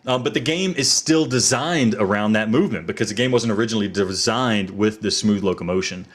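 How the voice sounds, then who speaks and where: A man's voice: on the low side, lively intonation, fairly quick. A man reviewing a video game in a playful mock-courtroom manner.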